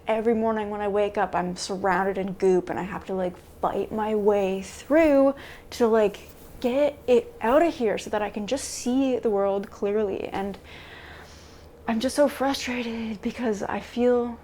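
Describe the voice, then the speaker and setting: A woman vlogging a confessional self-talk monologue to camera, halting and searching for words with many restarts. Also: mid-range voice, mellow, a little hiss or hum. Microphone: camera mic.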